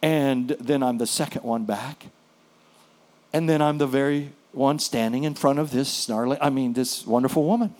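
A man preaching a sermon as a pastor, telling a story with hushed, soft passages and sudden louder bursts. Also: medium pitch, normal speed.

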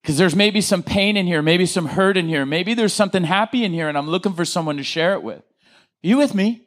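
Lively joking preacher man. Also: high voice, fairly quick. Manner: lively, joking, asks the congregation to respond. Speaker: pastor. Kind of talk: sermon. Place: church.

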